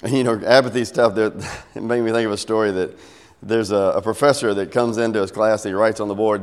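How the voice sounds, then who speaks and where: A man's voice: on the low side, steady tone, fast, clean tone. A middle-aged man preaching a sermon, telling a story and acting out its voices with big swings. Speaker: pastor. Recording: long hall reverb.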